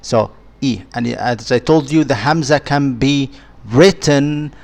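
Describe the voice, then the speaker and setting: Slow, patient man teaching. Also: mid-range voice, gravelly. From Egypt. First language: Arabic. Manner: patient, repeats and sounds out letters one by one. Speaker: Arabic teacher. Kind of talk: beginner language lesson.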